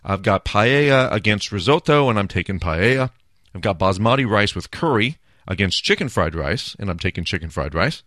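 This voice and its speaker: A man's voice: fairly low pitch, animated, moderate pace, fairly bright tone, no echo, studio quality. A man hosting a casual solo talk segment, chatty and decisive as he runs through his picks. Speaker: host. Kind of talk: casual solo talk, playing a food bracket.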